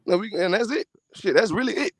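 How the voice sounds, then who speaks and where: A man's voice: sits high, expressive, brisk, breathy edge, no echo. A man hosting a podcast, talking in a casual, profane, emphatic way about faith. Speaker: podcast host. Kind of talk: casual chat.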